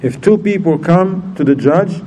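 Man, religious teacher, storytelling, quizzes listeners, acts out voices, mellow tone, faint background hiss. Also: high-pitched, a little slow, poor audio. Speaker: Islamic teacher. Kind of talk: informal religious lesson.

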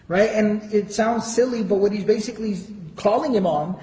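A man's voice: high voice, moderate pace, hardly any pauses, warm tone. A man giving a storytelling lecture, retelling history and quoting passages in Arabic before translating them. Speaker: Islamic lecturer. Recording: echoey hall.

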